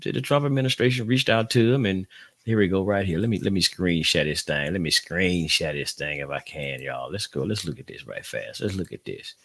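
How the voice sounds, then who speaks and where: A man hosts a casual livestream podcast in a somewhat low voice. He rambles loosely and talks straight to his listeners. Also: a little fast, fairly bright tone, dry recording. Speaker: podcast host.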